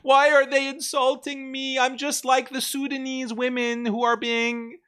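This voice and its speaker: A man's voice: level tone, a little slow, pushed and bright, smooth, full character voice. A man mockingly voicing a young woman who plays the victim, wailing in an exaggerated fake cry. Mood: mock sobbing. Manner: exaggerated mock weeping, high wail. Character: whiny sobbing young woman playing victim.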